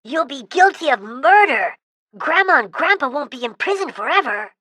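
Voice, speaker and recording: A bold, impatient young boy, as a woman narrator puts him on. He talks brashly and eagerly in a high, bouncy voice that sounds dry and close. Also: sing-song, moderate pace, sharp tone, dry recording, exaggerated voice.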